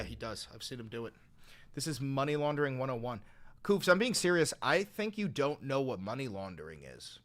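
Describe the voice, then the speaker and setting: A man reads out donations while hosting a livestream, his tone sarcastic throughout. At times he erupts into loud, mocking rants, at others he answers in a low, dry voice.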